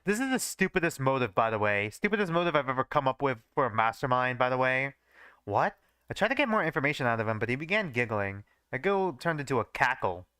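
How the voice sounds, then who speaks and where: A man's voice: medium pitch, big pitch swings, fast, sharp tone, clean tone, no echo, studio quality. Young man laughing at his own fanfiction. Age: young adult. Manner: swears casually and laughs at his own writing. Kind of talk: live reading with joking asides.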